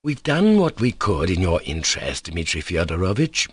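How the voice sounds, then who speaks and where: A man's voice: low-pitched, very animated, husky, dry recording, voice pushed down, heavily acted. A man reading a mild, fussy male official. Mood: measured. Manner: mild, apologetic, measured. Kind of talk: audiobook character reading.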